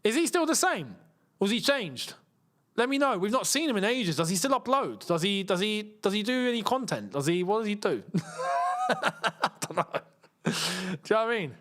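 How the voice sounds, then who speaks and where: A man's voice: sits high, big pitch swings, normal speed, a bit bright. A man hosting a live football watchalong, chatting casually and joking with frequent laughter. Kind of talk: casual live match commentary.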